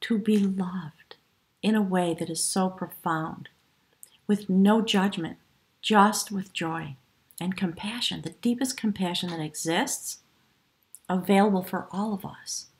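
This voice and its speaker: A woman giving a spiritual tarot reading to camera, effusive and emotional, often dropping her voice to a hushed whisper. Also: fairly low pitch, measured pace. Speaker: tarot reader.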